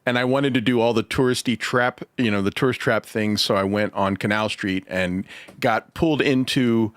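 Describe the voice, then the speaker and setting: A man's voice: on the low side, normal speed, fairly bright tone, smooth, no room sound. A man hosting a casual comedy podcast, laughing often as he talks. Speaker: podcast host.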